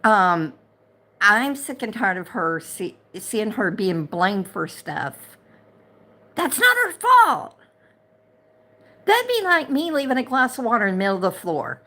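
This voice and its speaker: A woman's voice: medium pitch, very animated, normal speed, bright, forceful tone. A middle-aged woman, hosting a casual livestream chat, talking in a chatty, indignant way and repeating herself when worked up. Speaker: livestream host and chat moderator.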